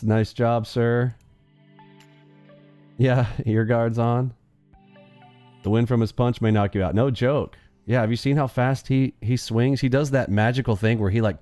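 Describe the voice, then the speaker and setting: Mellow-voiced joking man hosting a trading stream. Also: mid-range voice, clear, resonant tone. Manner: joking, rambling, playful sound effects. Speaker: live trading stream host. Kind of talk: casual chat while trading live.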